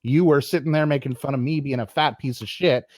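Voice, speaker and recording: A man's voice: medium pitch, fairly quick, darkish tone, dry recording. Aggrieved blunt man, dry sound. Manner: earnest and aggrieved, blunt with swearing. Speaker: streamer. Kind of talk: casual talk on a voice call.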